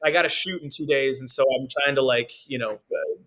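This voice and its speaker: A young man, a restaurant owner, telling a story in casual podcast talk, animated and full of fillers. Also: medium pitch, brisk. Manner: animated, filler-heavy, laughs often.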